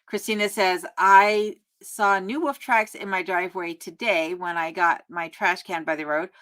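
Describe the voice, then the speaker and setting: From her remote home, a YouTube host runs a casual livestream, reading viewer comments aloud and answering warmly with plenty of laughs and ums. Her voice is on the low side and fairly even, a bit bright, at normal speed.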